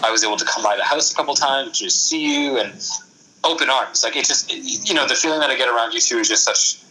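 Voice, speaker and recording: Man, podcast guest, casual chat, bright voice, effusive. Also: medium pitch, low-quality recording. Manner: effusive, warm-hearted, quick to laugh.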